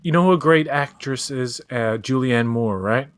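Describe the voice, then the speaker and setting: A man's voice: mid-range voice, normal speed, smooth, no room sound. A man, blunt and sweary, co-hosting a casual late-night chat show. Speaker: podcast co-host.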